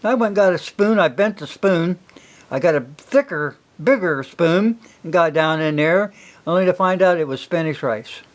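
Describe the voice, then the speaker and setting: A man's voice: on the high side, normal speed. An older man, a single father, telling rambling folksy stories in a casual way with many fillers. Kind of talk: casual storytelling.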